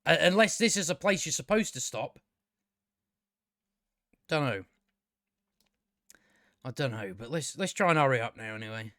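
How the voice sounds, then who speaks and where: A man's voice: mid-range voice, expressive, moderate pace, pauses often, a bit bright, dry recording, studio quality. A man giving a casual, exasperated review, swearing freely and restarting his sentences with stammers. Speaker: show reviewer. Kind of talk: casual ranting review commentary.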